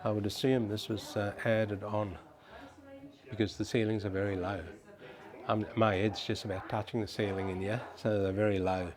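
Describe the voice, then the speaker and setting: A man's voice: lowish voice, level tone, moderate pace, crowd noise. A man vlogging a house tour, chatting casually to viewers he calls guys as he walks through rooms and the yard. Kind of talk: casual walkthrough commentary. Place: outdoors and indoors at a suburban house.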